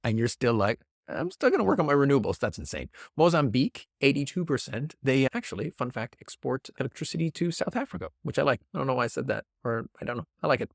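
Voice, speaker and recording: A man hosts a casual solo podcast, his pitch swinging widely as he riffs with sarcastic asides. The sound is dry and close to the mic, with no room around it. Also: fast, gravelly, hardly any pauses, no echo. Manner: animated, sarcastic, jumps into mock voices. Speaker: podcast host.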